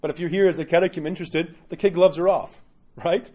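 A man's voice: fairly high pitch, fairly even intonation, fast talker, warm tone, dull audio. A man giving an informal homily as an Orthodox priest, speaking directly and often ending points with a tag question. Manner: conversational and direct, many tag questions, acts out quoted parishioners.

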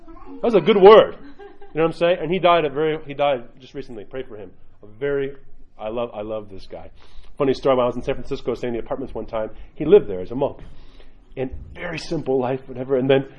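A male priest preaching informally, telling stories with lots of conversational asides. His voice sits at an ordinary middle pitch. The recording is a little dull and lo-fi. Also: quick pace. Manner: conversational, animated, frequent asides. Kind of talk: informal sermon with storytelling.

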